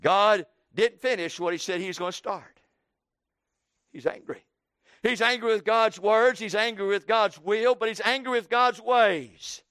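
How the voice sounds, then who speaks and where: Preacher guy, pretty high voice, smooth, hammers away with questions, dry sound. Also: unhurried, fairly bright tone, no echo. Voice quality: emphatic, repetitive rhetorical questions. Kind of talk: evening sermon.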